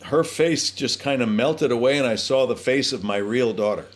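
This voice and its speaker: Earnest reflective middle-aged man. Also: medium pitch. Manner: earnest, reflective, with halting restarts. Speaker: guest actor. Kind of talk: casual interview chat.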